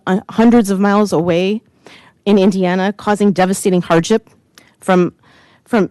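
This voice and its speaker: A woman's voice: medium pitch, dark tone, dry recording, rough recording. A woman, a civic group director, giving earnest, emotional public testimony at a county committee hearing.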